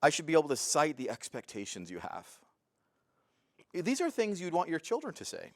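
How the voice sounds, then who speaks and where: A man's voice: a little high, moderate pace, dry recording, clean studio sound. Earnest man teaching Bible verses. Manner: earnest, preacherly, rises to excited fervor.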